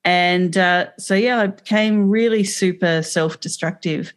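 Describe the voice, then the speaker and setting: A woman's voice: on the low side, measured pace, clean tone. An Australian woman, a podcast guest, telling her own life story in a frank, matter-of-fact way. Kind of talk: podcast interview.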